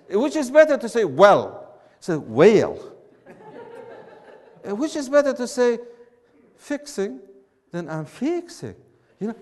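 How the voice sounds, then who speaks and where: A man, teaching a class in an emphatic, animated way and repeating his points. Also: high-pitched, big-room sound. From Syria. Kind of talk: classroom lecture with banter.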